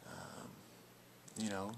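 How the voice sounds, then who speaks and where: A young man talking casually in a video blog response, rambling and defiant, with plenty of filler words. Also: extremely slow. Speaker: video blogger.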